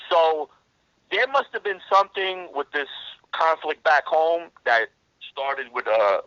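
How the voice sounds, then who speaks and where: A middle-aged man, telling rough street stories in a casual interview, blunt and heavy on the swearing. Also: fairly high pitch, animated, slow, bright, forceful tone, no echo. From New York. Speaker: interview guest. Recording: dull lo-fi dry recording.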